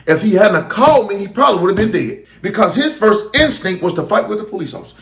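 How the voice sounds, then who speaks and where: High and gravelly, a middle-aged man's voice drives impassioned, preachy commentary on the street talk channel he hosts. The room adds noticeable echo.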